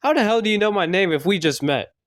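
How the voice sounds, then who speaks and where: A man voicing a goofy, oddly deadpan masked man in a homemade horror parody, in a casual, offhand way. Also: on the high side, a little fast, no room sound, studio quality, natural voice.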